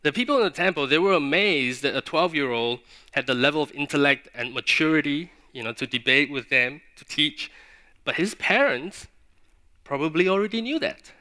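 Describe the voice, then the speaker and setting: A man preaching a sermon in an earnest, questioning way, pausing for emphasis. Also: on the high side, expressive, bright, forceful tone.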